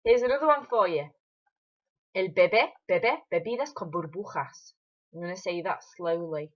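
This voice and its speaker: A woman Spanish teacher giving a recorded lesson to her pupils, cheerful and encouraging, saying phrases slowly and then quickly. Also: fairly low pitch, muffled recording.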